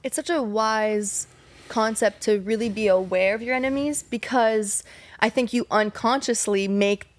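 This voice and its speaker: A woman's voice: a little high, fairly even intonation. A woman co-hosting a podcast, responding in a reflective, affirming way. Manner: reflective, affirming, quick restarts. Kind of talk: casual podcast chat.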